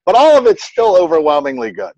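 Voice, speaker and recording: A man in his thirties talks in a lively, swooping voice that sits a little high for a man. He tells stories in loose, casual chat and acts out the quotes. The recording is dry and a little dull, with a lo-fi edge. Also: fast talker, dry recording. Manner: animated storyteller who acts out quotes, many "like" fillers. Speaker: guest parent giving advice.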